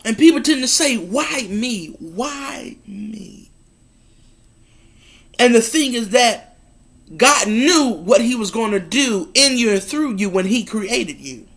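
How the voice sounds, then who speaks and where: A woman's voice: on the high side, expressive, normal speed, a bit bright. A woman giving a devotional message, reading a passage in several Bible versions and then encouraging listeners with earnest, repeated phrases. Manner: reads verses aloud, murmuring "mm-hmm" between passages. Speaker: devotional speaker.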